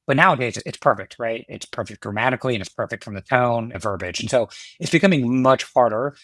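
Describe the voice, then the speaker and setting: A man, a company executive, explaining his field as a guest on a podcast in a steady, conversational way. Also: medium pitch, fast talker, no echo. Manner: explanatory, steady, uses filler "right?". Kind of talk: podcast interview.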